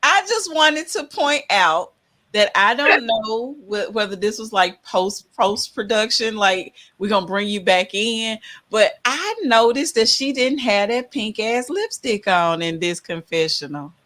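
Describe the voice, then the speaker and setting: A woman's voice: a little high, expressive, measured pace, a bit bright. A middle-aged woman rambling and hesitating as she chats casually in a group recap. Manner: rambling, hesitant, laughs often.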